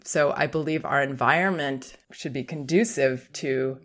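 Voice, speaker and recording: A middle-aged woman hosting a parenting podcast, giving calm, reassuring advice and acting out short lines a parent might say. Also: very deep voice, measured pace, faint music behind. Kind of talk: advice monologue.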